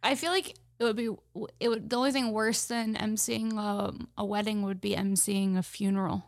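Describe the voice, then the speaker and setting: A woman's voice: mid-range voice, little pitch movement, normal speed, no room sound. A woman hosting a casual chat podcast, who talks in a chatty way, laughs a lot and swears freely. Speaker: podcast host.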